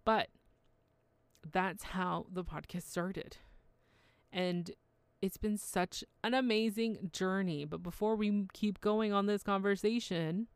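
A woman's voice: medium pitch, slow, clean tone, no room sound. A woman podcast host talking in a chatty, heartfelt solo monologue.

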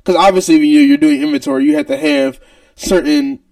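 A man's voice: high voice, a little fast, vocal fry, no echo, far from the mic. A man co-hosting a podcast, telling a retail story casually and acting out angry customers. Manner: animated, mimics shouting customers. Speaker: podcast co-host.

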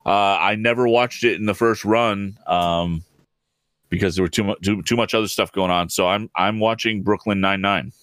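A man co-hosting a podcast in casual chat, relaxed and a little hesitant, often pausing on "um". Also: fairly low pitch, no room sound. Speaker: podcast co-host.

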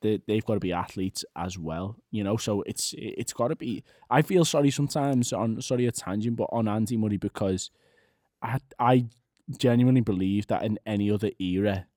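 A man co-hosting a casual chat, animated and quick to laugh. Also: lowish voice, dry recording, clean studio sound. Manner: animated, laughs often, many fillers and restarts.

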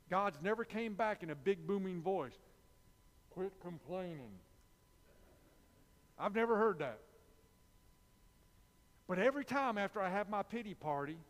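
A man's voice: sits high, in a large hall. A man preaching a sermon, repeating key phrases with emphasis and dropping into confessional asides.

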